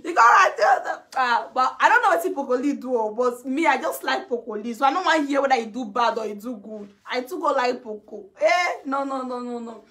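A woman's voice: high voice, lively intonation, brisk, hardly any pauses, bright, forceful tone. A Nigerian woman vlogger in a casual gossipy chat, talking freely and laughing often. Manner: chatty, laughs often, mimics others.

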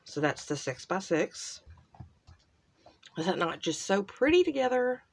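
A woman hosting a casual crafting unboxing, gushing softly and trailing off into quiet asides. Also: mid-range voice, very animated, measured pace, creaky, a little hiss or hum. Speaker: crafting channel host. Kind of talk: casual unboxing show-and-tell.

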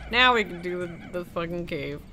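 A woman giving loud, profane commentary over gameplay, scolding and cheering the characters on screen and laughing often. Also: lowish voice, animated, a little slow, over music. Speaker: gaming video creator.

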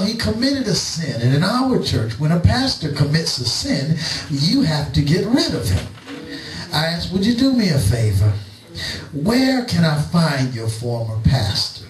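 A middle-aged man preaching in a church, telling a story slowly and acting out both sides of a conversation. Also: a little high, recorded from a distance. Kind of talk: sermon storytelling. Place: church sanctuary. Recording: echoey church, preacher away from the mic.

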